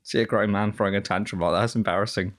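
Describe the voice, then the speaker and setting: A man's voice: on the low side, fairly even intonation, rapid-fire, fairly bright tone. A man co-hosting a podcast in casual banter, teasing and wry. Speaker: podcast co-host.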